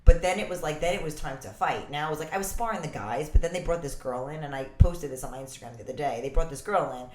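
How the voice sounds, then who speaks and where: Fast-talking low-voiced New woman. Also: a little hiss or hum. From the Bronx, New York. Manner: animated, swearing, laughs through her stories. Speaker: boxer, podcast guest. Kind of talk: casual storytelling in conversation. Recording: roomy echo.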